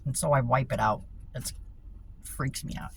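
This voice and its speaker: A woman's voice: rumbling low, steady tone, moderate pace, gravelly, slight background noise. A woman vlogging a casual rant, swearing freely, laughing often and repeating herself.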